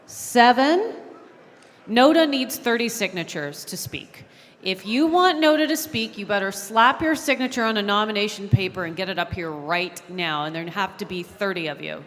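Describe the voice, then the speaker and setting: A woman chairing a large convention from the podium, keeping a noisy crowd in order with a firm, brisk manner. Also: medium pitch, lively intonation, a bit bright. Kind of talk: running a convention floor. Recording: long hall reverb.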